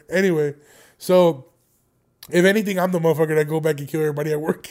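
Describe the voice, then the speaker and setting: A man's voice: a little high, flat delivery, fast, a little mellow. A young man telling a casual, rambling story to his viewers, swearing freely and breaking into laughter. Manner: rambling, profane, laughs often between jokes. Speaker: vlogger.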